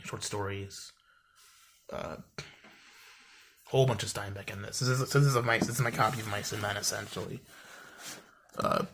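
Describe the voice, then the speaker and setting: A man's voice: mid-range voice, a bit bright, husky. A young man chatting casually at home, rambling with lots of fillers and wry asides. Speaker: vlogger showing his book collection. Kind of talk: casual chat. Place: home room with bookshelves.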